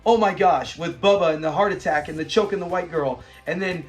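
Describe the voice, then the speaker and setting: A man hosting a casual episode review, retelling scenes with lively acted-out lines and frequent laughs. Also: high-pitched, a little fast, faint music behind. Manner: animated retelling, acts out the characters' lines, laughs often.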